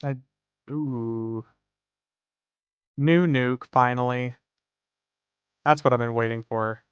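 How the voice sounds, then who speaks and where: A man's voice: mid-range voice, fairly even intonation, slow, clean tone, no room sound, muffled recording. Laid-back joking male game streamer. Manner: laid-back, joking, swears freely, says "dude" a lot. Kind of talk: casual livestream chat while playing.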